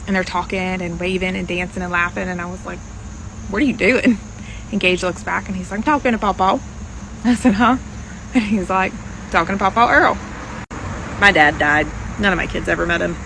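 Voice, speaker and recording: A woman tells a story in a gravelly voice, rambling and plain-spoken. Her phone audio is noisy, with traffic passing behind her. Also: lowish voice, bright, forceful tone. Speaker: parent telling a story. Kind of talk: casual storytelling to a phone camera.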